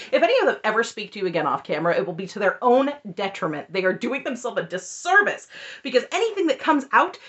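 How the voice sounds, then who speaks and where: Animated, sarcastic woman recapping TV. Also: high-pitched. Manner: sarcastic, exasperated, laughs often. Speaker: reality TV recap YouTuber. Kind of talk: opinionated recap commentary.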